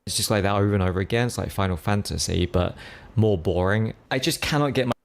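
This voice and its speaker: Lowish-voiced guy grumbling through a game review, dismissive. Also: fast talker, gravelly. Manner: dismissive, complaining. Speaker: game reviewer in a played clip. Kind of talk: spoken video review.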